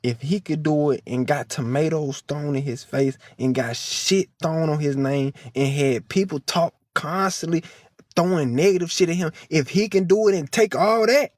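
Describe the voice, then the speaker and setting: Here the man's voice sits on the high side and moves unhurriedly, recorded with no room sound. He swears liberally through a heated, sermon-like monologue to the camera, on the verge of tears.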